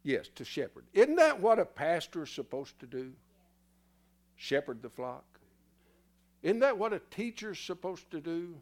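A man's voice: on the high side, sing-song, measured pace. A man preaching a sermon in a church in a folksy, teasing way, somewhat out of breath. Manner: folksy, teasing the congregation, spells words letter by letter.

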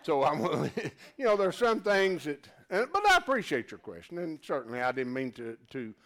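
With a sing-song delivery at normal speed, a man preaches to people gathered live, calling them folks. Loud, emphatic declarations give way to low, quiet asides and back again.

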